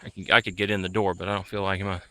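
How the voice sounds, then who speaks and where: A man's voice: low voice, little pitch movement, very fast, pushed and bright, a little hiss or hum. A man casually showing viewers around his rural property at night in an easygoing, rambling vlog, recorded outdoors on a handheld camera. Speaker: vlogger. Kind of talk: casual walking tour vlog.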